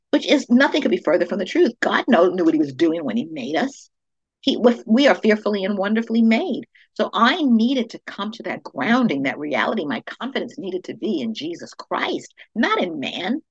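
Husky woman telling a faith story. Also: mid-range voice, sing-song, moderate pace, no room sound, dull audio. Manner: personal storytelling with faith encouragement. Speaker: podcast host. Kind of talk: devotional monologue.

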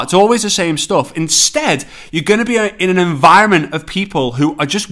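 An energetic man with a Scouse accent talks through his own motivational podcast, coaching listeners. His voice sits a little high for a man. He rushes through some phrases and then slows right down to land a point. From England. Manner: energetic, pace swings between quick bursts and slow emphasis. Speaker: podcast host and network marketing coach. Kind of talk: solo motivational podcast talk.

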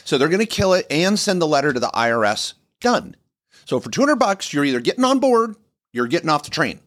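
A man co-hosting a business podcast, pitching services in an emphatic, animated way with many restarts. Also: a little fast, no room sound, clean studio sound. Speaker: podcast co-host, business lawyer. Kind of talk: casual podcast chat.

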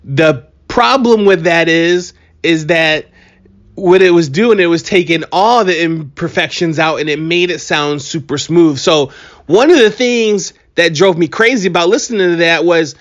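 A man hosting his own podcast in a casual solo monologue. He talks in an animated, joking, hyped-up way, and his voice sounds a bit strained from allergies. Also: on the high side, measured pace. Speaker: podcast host.

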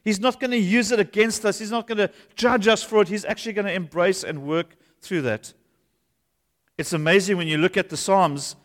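A man's voice: high-pitched, steady tone, a little fast. A man, a pastor preaching an earnest, conversational sermon in a church. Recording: long hall reverb.

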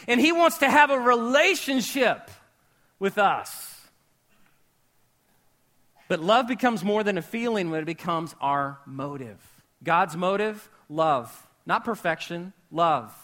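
A pastor with a high, bright voice preaches to a live congregation in church. He's animated, conversational and joking, asking the audience questions as if chatting with friends, and his voice rises to a shout on key words.

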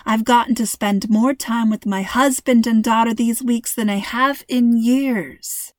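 Easygoing playful mom, woman narrator voicing her, slightly high, dry close sound. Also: fairly even intonation, unhurried, dry recording, lightly acted. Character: cheerful playful mother, middle-aged.

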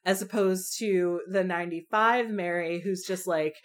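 A young woman chatting about movies with a friend in a relaxed, rambling way. Her voice sits a little low for a woman. She leans on fillers and drops an occasional swear word. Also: a little slow. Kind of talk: casual chat about film adaptations.

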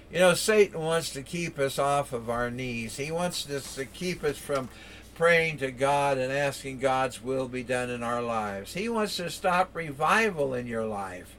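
A man's voice: medium pitch, measured pace, a bit bright, slight background noise. An older man preaching a sermon in a folksy storytelling way, repeating words and adding uh fillers.

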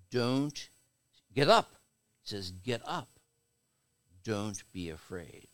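A man's voice: medium pitch, a bit bright. A man giving a sermon as a bishop, preaching with call-and-response to his congregation.

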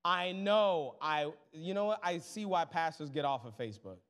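A young man preaching a sermon as pastor, casual and humorous, calling the crowd y'all and swinging between soft asides and loud exclamations. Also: on the high side, animated, normal speed. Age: young adult.

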